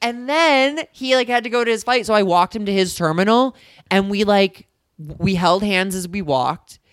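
A man's voice: high voice, normal speed, fairly bright tone, smooth, no echo, clean studio sound. A man in his thirties, a podcast co-host, telling a story casually and acting out quoted dialogue. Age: 30s. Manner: chatty, acts out quoted dialogue, frequent likes.

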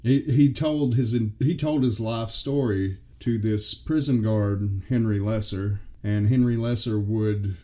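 A man's voice: fairly low pitch, steady tone, unhurried, few pauses, dark tone. A man co-hosting a casual podcast, exasperated and emphatic, swearing freely. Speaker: podcast co-host.

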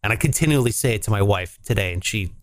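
A man in casual podcast chat, rambling and animated, swearing freely and slipping into voices of people he quotes. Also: lowish voice, fast talker. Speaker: podcast co-host.

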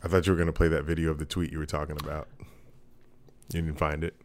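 A man's voice: rumbling low, level tone, fast, slight background noise. A man co-hosting a podcast in casual chat, swearing freely and laughing as he rambles. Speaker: podcast co-host.

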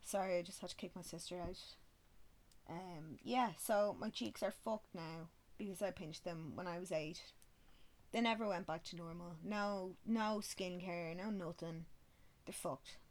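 A woman's voice: lowish voice, fairly even intonation, unhurried, darkish tone. A woman, telling stories in a casual, self-mocking way and swearing freely. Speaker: vlogger. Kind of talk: casual storytelling.

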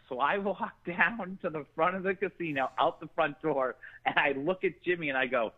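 A man's voice: fairly high pitch, fairly quick, few pauses, breathy edge, phone-quality sound. A man telling a long comic story in casual talk, swearing often and acting out what others said. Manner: animated, swearing, acts out quotes.

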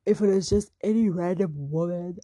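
A young South African woman hosting her own show, talking in an animated, indignant monologue. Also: lowish voice, moderate pace, no echo. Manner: animated and indignant, mixing English with local words. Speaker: podcast host. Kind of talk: casual monologue.

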